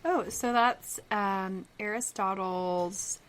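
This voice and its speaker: A woman co-hosting a podcast who explains ideas in a hesitant, thoughtful way, pausing with many ums. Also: mid-range voice. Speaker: podcast co-host. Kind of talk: casual chat.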